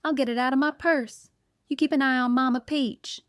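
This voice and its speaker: A woman's voice: high-pitched, fairly even intonation, normal speed, dry recording, studio quality, pitched above the performer's own voice, close to an everyday voice. A woman reading an audiobook, voicing a sweet, chatty young woman who helps in a bakery.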